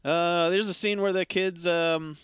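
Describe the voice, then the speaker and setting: A man's voice: high-pitched, fairly even intonation, a little slow, a bit bright, clear, resonant tone, no room sound, studio quality. A man co-hosting a podcast, chatting casually and wryly about movies and swearing freely. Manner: wry, swears freely, mimics characters. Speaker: podcast co-host. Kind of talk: casual movie discussion chat.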